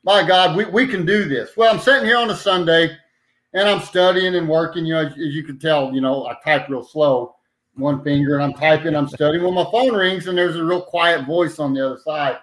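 A man's voice: a little high, a little fast, fairly bright tone, rough recording. Folksy rambling man telling a story. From New Mexico. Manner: folksy, rambling, repeats "anyway". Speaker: podcast guest, citizen petition organizer. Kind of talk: casual storytelling.

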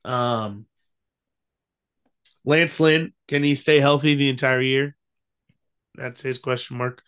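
A young man co-hosts a podcast, chatting casually about baseball with easygoing ums and restarts. His medium-pitched voice is clear, resonant and fairly bright, with fairly even intonation and a slow pace.

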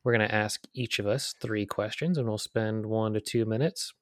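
A man with a lowish voice co-hosting a casual podcast, talking in loose, rambling sentences full of "like". The sound is dry and close, with no room behind him. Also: fairly even intonation, moderate pace, a bit bright, no room sound. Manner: rambling, filler-heavy, lots of "like". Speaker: podcast co-host. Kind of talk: casual chat.

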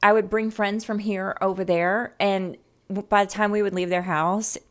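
A woman from Louisiana, a guest on an interview show, chatting in a lively way, laughing often and leaning on "um" and "like". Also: mid-range voice, moderate pace. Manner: animated, laughs often, fillers like "um" and "like". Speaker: guest, psychic medium. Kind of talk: casual interview chat.

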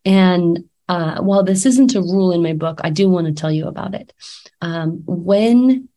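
A woman's voice: fairly low pitch, moderate pace, dark tone. A woman in her thirties, a life coach, talking candidly and casually with many fillers and restarts, a little sick. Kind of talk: casual talk to camera.

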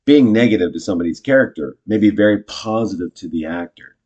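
A man casually teaching improv, chatty and self-correcting, jumping into animated example lines. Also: fairly low pitch, fast talker, muffled recording.

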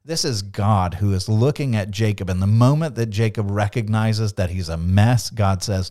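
A man with a fairly low voice unpacks a Bible passage on a podcast. He talks earnestly and with animation, slipping into lively quoted dialogue as he explains. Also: moderate pace, few pauses. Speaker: podcast co-host. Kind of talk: Bible study discussion.

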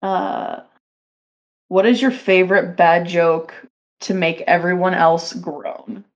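A woman's voice: lowish voice, fairly even intonation, highs cut off. A woman co-hosting a podcast in casual banter, giggling and hesitating with fillers. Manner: giggly, slow and drawn out, lots of fillers. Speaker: podcast co-host.

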